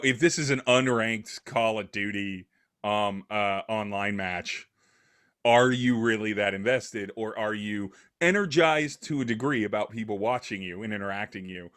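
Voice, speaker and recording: Low-voiced man musing in a podcast chat. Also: fairly bright tone. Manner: thoughtful, rambling, many fillers. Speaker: podcast guest. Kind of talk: casual conversation.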